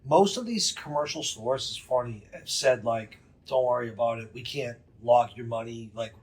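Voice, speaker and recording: A man, telling a story as a podcast guest in a profane, emphatic, rapid way. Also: medium pitch. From New England. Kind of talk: casual storytelling.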